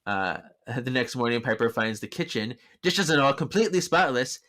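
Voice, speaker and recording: A man's voice: mid-range voice, expressive, moderate pace, fairly bright tone. A man hosts a podcast in an easygoing recap style. He laughs often and briefly acts out characters' lines as he goes. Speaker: podcast host. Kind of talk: casual recap of a story episode.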